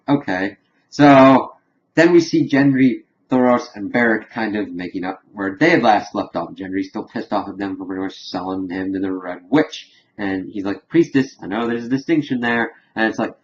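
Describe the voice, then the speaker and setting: A man's voice: fairly low pitch, muffled recording. A man giving a casual, rambling review of a TV episode, retelling the scenes line by line. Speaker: TV show reviewer.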